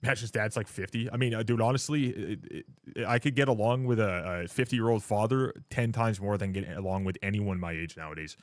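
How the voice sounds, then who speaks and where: A man's voice: lowish voice, brisk, no room sound, studio quality. Blunt, profane young man ranting on stream. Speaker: livestreamer. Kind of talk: casual live-stream rant to chat.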